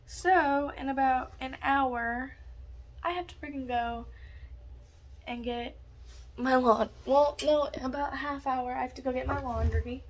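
A woman's voice: high voice, steady tone, a little slow. A young woman in her college dorm room, chatting casually to a phone camera in a scatterbrained, ranting way, swearing now and then. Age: young adult. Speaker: vlogger. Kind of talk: casual vlog chat.

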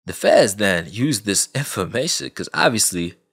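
A man's voice: fairly low pitch, sing-song, normal speed, a bit bright, breathy edge. A man telling a true story in a casual, rambling way, full of fillers and asides.

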